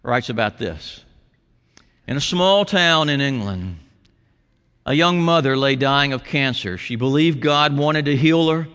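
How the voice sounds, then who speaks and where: A man preaching a sermon as a pastor, telling a story with quoted voices and dropping to soft, intimate tones. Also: medium pitch, expressive, a little slow, smooth. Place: church sanctuary. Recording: long hall reverb.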